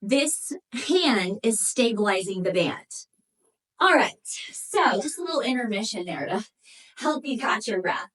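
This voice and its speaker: A woman instructing a Pilates session counts down reps and coaches while working out herself, breathing heavily. She speaks at a measured pace with a fairly high, fairly bright voice and lively intonation. The recording picks her up from far from the mic.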